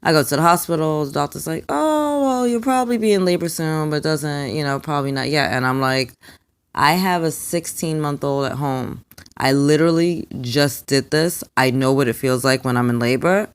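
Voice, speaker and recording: A young adult woman, a spiritual card reader, telling a personal story in an emphatic, animated way and acting out the quotes. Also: a bass voice, moderate pace, clean tone.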